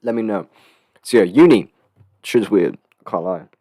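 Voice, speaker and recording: Rambling teen podcaster, low voice. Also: male voice, a little slow, no room sound, studio quality. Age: late teens. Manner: rambling, swearing, animated storytelling. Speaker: podcast host. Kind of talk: casual solo podcast chat. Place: student accommodation room.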